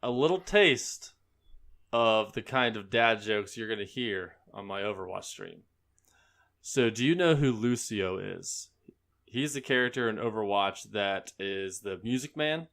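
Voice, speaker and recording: A man's voice: on the low side, lively intonation, measured pace, a bit bright. A man co-hosting a casual podcast, telling a dad joke in a joking manner. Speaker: podcast co-host.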